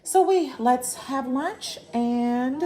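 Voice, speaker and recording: With the camera off and only her voice captured, a female personal stylist and vlogger talks while sorting clothes in her dressing room. Her high-pitched voice is extremely slow against background noise, and she's chatty and emotional, sometimes choking up.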